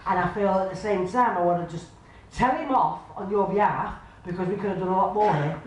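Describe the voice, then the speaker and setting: A woman works as a medium before a crowd, her homely patter caught from well back in a boomy, very echoey club room. A faint hiss of noise hangs under her voice, which sits at an ordinary middle pitch. She keeps checking in with the sitter, asking again and again whether they understand. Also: a little fast, far from the mic. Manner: chatty, homely, addresses the sitter as love and sweetheart. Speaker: spiritualist medium. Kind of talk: live mediumship reading to an audience.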